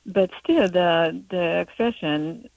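A woman's voice: lowish voice, slow, gravelly, no echo, phone-quality sound. Woman calling in. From Hungary. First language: Hungarian. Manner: hesitant, with many fillers. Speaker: caller. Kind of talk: call-in storytelling. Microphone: telephone call.

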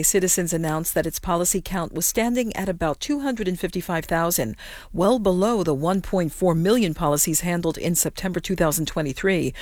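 A female newscaster reading the news in a crisp, measured way. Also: lowish voice, a little mellow, no echo, studio quality.

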